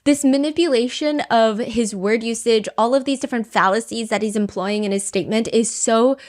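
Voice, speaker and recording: Podcast host, woman, a bit high-pitched, fired-up and emphatic in casual commentary. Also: brisk, a little mellow. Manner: emphatic, indignant.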